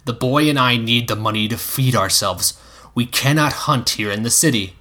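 A man voicing a shy, flustered young male knight who speaks slowly and stammers, with a husky voice. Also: medium pitch, bright, forceful tone. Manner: slow, halting, stammering.

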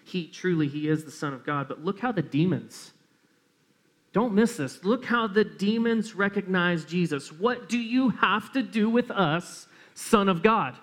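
High-voiced man preaching a sermon. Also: animated, unhurried. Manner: earnest preaching, repeats phrases for emphasis. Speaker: pastor.

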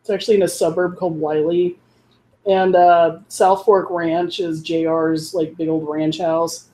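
A woman's voice: lowish voice, flat delivery, measured pace, dark tone. A woman from Texas co-hosting a podcast, joking and rambling in casual chat. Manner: joking, rambling, self-deprecating. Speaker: podcast co-host.

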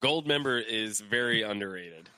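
Animated, joking man on a podcast. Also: on the low side, moderate pace, a crowd in the background. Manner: animated, joking, swears freely. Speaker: podcast co-host. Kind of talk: casual chat.

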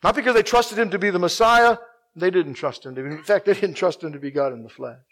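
High-voiced man preaching with dramatic swings. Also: fast, low-quality recording. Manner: dramatic swings between hushed and loud preaching; repeats phrases for emphasis. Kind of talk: sermon.

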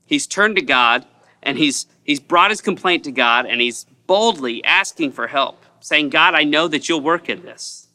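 A man's voice: fairly high pitch, lively intonation, unhurried, pushed and bright. A man preaching a midweek sermon as pastor, earnest and repeating phrases for emphasis.

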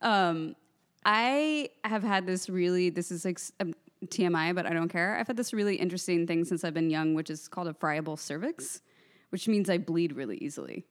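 A woman's voice: lowish voice, lively intonation, normal speed. A woman co-hosting a podcast in casual chat, playful and giggly, talking openly and candidly. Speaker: podcast co-host.

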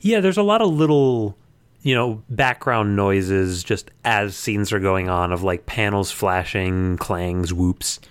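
A man's voice: lowish voice, lively intonation, slow, clear, resonant tone, no room sound. A man co-hosting a podcast in casual chat, opinionated and critical. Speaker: podcast co-host.

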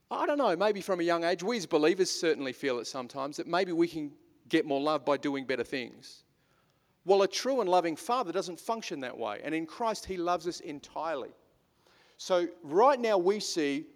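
A man's voice: a little high, lively intonation, moderate pace. A man in his thirties preaching a sermon as pastor, earnest and emphatic, often repeating words as he builds a point. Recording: long reverb of a hall.

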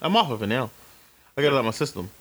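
A husky, mid-range voice belongs to a man in his early forties who co-hosts a casual podcast, talking very fast. He's an animated storyteller who curses freely and acts out each bit of dialogue.

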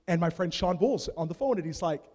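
A man from Canada preaching a sermon, telling stories with swings from hushed asides to loud shouts. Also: high voice, expressive, fast. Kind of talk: sermon storytelling. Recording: long reverb of a large hall.

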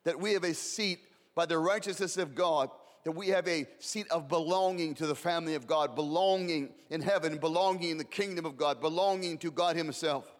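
Male preacher, high voice, impassioned repeated phrases, long hall reverb. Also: brisk. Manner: impassioned, repeats words and builds in rising waves. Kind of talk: sermon.

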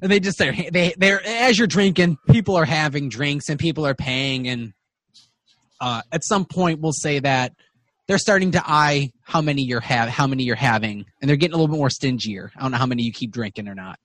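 A man's voice: on the high side, a little fast, a bit bright, dry recording. Rambling man running a tabletop game. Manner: rambling, full of fillers and restarts. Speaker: game master.

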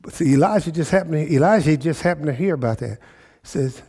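A man's voice: on the high side, fast talker, dark tone, breathy edge. A pastor preaching a sermon, emphatic, repeating phrases and checking in with his listeners.

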